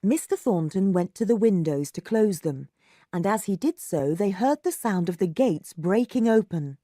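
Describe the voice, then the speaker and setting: A woman narrating a story aloud, slow and lively, acting out the dialogue. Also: medium pitch, dry recording, studio quality.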